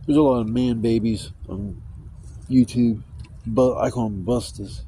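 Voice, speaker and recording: A man's voice: mid-range voice, fairly even intonation, a little slow, mellow, slight background noise, rough recording. A man telling rambling, profane stories in a casual vlog. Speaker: vlogger. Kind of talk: casual storytelling.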